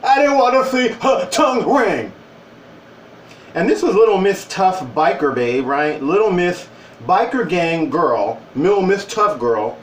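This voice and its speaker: A man in his forties telling a personal story to camera in a wry, animated way. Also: sits high, a little slow, slight background noise. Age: 40s. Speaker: vlogger. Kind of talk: casual storytelling. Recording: roomy, distant from the mic.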